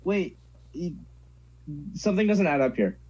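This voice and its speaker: A man's voice: sits high, animated, a little slow, a little mellow, slight background noise. A teenage young man co-hosting a casual podcast, teasing his friend and rambling with lots of "like" fillers. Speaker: podcast co-host. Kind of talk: casual chat. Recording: dull lo-fi sound.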